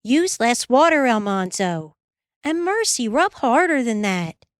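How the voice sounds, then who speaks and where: A woman voicing a bossy, nagging teenage older sister with a hurried, scolding, shrill manner. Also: very animated, no room sound, clean studio sound.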